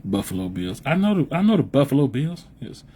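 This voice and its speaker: A man's voice: mid-range voice, very animated, fairly quick, mellow, slight background noise. A young man from the US Midwest hosting a live podcast, chatting loosely and profanely with viewers and repeating himself as he rambles. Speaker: podcast host reading live chat. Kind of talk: casual live-stream chat.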